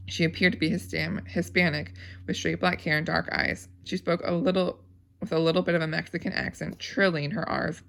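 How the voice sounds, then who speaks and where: Woman reader, novel read aloud, steady, gravelly, small slips. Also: fairly low pitch, fairly quick, a little hiss or hum. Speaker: audiobook reader.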